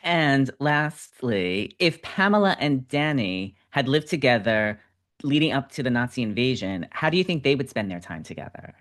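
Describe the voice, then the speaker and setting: A man's voice: mid-range voice, very animated, moderate pace, fairly bright tone. A man hosting an interview, asking questions in an upbeat, affirming way with short acknowledgements. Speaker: interview host. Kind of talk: casual interview chat.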